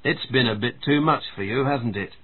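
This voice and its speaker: An eager cafe owner coaxes and urges his customers, voiced by a man. His voice is husky and the sound is tinny, like a phone line. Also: mid-range voice, moderate pace, close to an everyday voice. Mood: coaxing.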